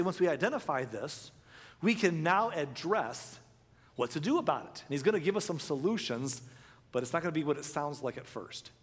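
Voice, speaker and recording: Male pastor, slightly raised voice, casual sermon delivery with acted-out asides, long hall reverb. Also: a little high. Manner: conversational, acts out imagined objectors.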